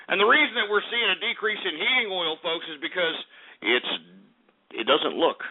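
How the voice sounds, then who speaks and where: A man hosting a radio market report, loud and crude, swearing and ranting at his listeners between stock figures. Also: high-pitched, normal speed. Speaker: radio show host. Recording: tinny phone-like lo-fi audio.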